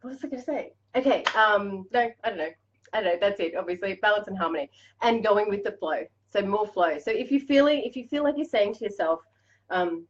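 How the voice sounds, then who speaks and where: A woman's voice: mid-range voice, fairly quick, muffled recording. An Australian woman hosting a live-stream coaching chat, bubbly and chatty, laughing often. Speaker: life coach host.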